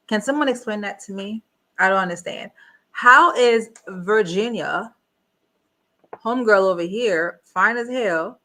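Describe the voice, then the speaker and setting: Woman, reaction host; bright tone, blunt and incredulous, casual commentary. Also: medium pitch. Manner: blunt, incredulous, repeats rhetorical questions. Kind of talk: casual live review commentary.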